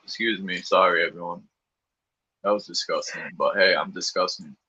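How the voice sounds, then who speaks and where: A man's voice: deep voice, fairly even intonation, moderate pace, sharp tone, breathy edge, dull audio. A man chatting casually, full of joking, irreverent banter. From United States. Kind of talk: casual chat.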